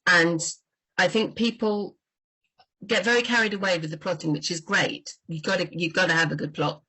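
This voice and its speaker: A woman book doctor talking in a lively, chatty way on a livestream about writing crime fiction. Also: fairly low pitch, normal speed, breathy edge, low-quality recording.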